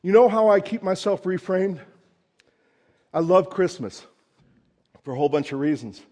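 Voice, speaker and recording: A pastor giving a conversational sermon, swinging between loud emphasis and hushed asides. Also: male voice, sits high, expressive, moderate pace.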